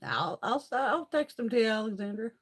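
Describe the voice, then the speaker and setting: Husky, profane woman chatting on a stream. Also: fairly high pitch, lively intonation, normal speed. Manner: rambling, swears a lot; chatty, laughs often. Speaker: beauty live streamer. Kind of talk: casual live-stream chat.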